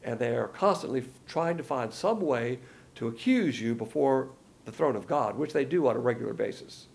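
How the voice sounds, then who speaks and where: A man's voice: mid-range voice, lively intonation, normal speed, vocal fry, a little mellow. A man giving a folksy, rambling verse-by-verse Bible lesson, with many fillers along the way. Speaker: Bible teacher.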